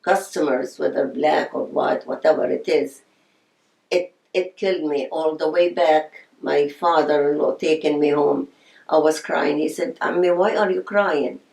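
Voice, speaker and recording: A woman's voice: sits low, steady tone, unhurried, gravelly, darkish tone. An older woman, telling her life story in an oral history interview. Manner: reminiscing, storytelling with quoted voices. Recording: echoey room.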